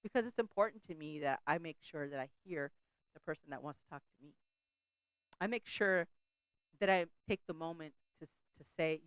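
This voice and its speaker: A woman's voice: low voice, a little fast, clean tone, no room sound, rough recording. A middle-aged woman hosting a faith talk show, preaching in a chatty, conversational way and often breaking off to laugh or restart a thought.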